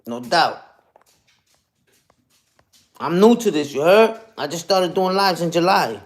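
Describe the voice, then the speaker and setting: Slangy man in his forties, rather high. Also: animated, slow. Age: 40s. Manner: slangy, chatty, keeps tagging "you heard?"; reads and answers viewer comments. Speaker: livestream host. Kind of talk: casual livestream chat.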